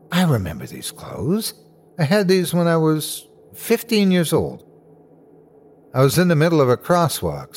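A man narrating a scary story in a scripted, dramatic way. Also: darkish tone. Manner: dramatic, swings high for cries. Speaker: host and narrator.

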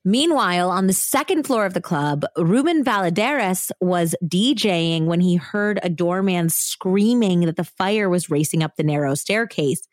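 Woman podcaster retelling a true crime case, lowish voice, lots of likes and you knows, dry close sound. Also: animated, moderate pace, hardly any pauses, no echo. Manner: chatty, lots of "like" and "you know" fillers. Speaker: podcast host. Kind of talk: casual true-crime storytelling.

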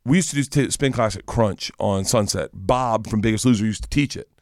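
A man in his forties chatting casually, telling animated stories and acting out the voices in them. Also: a little fast, dry recording, clean studio sound. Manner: animated storyteller, acts out quotes with rising pitch. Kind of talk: casual chat.

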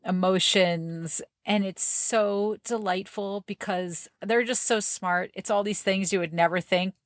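A woman's voice: fairly low pitch, a bit bright, no room sound. A woman co-hosting a parenting podcast, talking casually and enthusiastically with many fillers and laughs. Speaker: podcast co-host. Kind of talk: casual chat.

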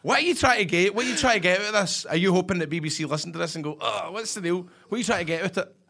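A man's voice: high-pitched, racing, gravelly, sharp tone. A Scottish man in his thirties, co-hosting a casual chat, telling stories with swearing and teasing. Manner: storytelling, swearing, teasing and laughing. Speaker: podcast co-host.

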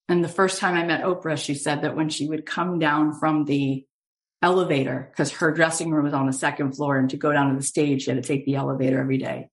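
A woman host and coach telling an inspirational story in an animated way, acting out the quotes. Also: deep voice, quick pace.

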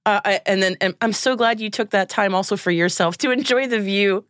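A woman's voice: medium pitch, brisk, a bit bright, dry recording, clean studio sound. A woman in her thirties hosting an interview, effusive and openly moved by what she hears. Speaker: host. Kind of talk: interview conversation.

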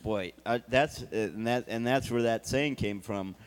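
A man's voice: medium pitch, normal speed, hardly any pauses, smooth. A man co-hosting a podcast, answering in a dry, straight-man way with casual jokes. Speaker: podcast co-host. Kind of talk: casual comedic chat.

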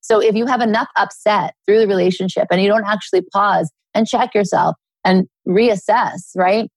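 A middle-aged woman, a guest author, talking earnestly in a relaxed interview and telling personal stories. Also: mid-range voice, moderate pace, slightly rough, no room sound. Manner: earnest, storytelling with acted quotes.

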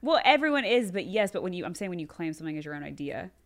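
A woman's voice: on the low side, big pitch swings, rapid-fire. A young woman guest on a podcast in casual chat, making dry short remarks.

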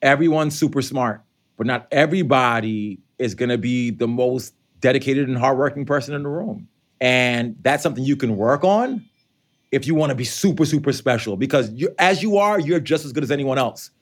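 A man, an author and educator, answering interview questions in a lively conversational way, acting out quoted lines. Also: medium pitch, normal speed. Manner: animated, conversational, acts out quotes.

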